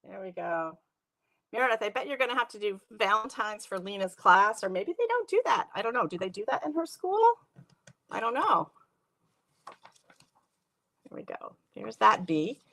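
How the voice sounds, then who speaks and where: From her home craft room, a woman hosts a live craft stream, chatting casually and greeting viewers by name as she works, often laughing. Her mid-range voice is bright and forceful yet creaky, with big pitch swings, a normal pace, and frequent pauses.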